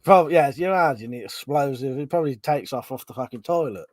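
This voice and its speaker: A man's voice: medium pitch, lively intonation, quick pace, no room sound. A man hosting a livestream, chatting casually and reading viewer comments aloud, laughing often and swearing freely. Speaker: livestream host.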